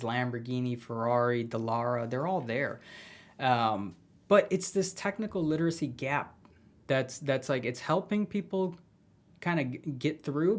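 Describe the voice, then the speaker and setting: Musing man vlogging, full of fillers. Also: medium pitch. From Pakistan. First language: Urdu. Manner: musing, loose, many fillers. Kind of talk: casual solo vlog commentary.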